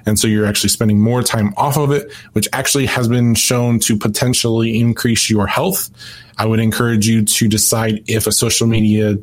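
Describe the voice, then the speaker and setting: A male podcast co-host rattles off tips in a brisk, direct manner. His tone stays conversational and plain. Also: lowish voice, little pitch movement. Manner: brisk, advice-giving, direct. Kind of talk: casual podcast chat.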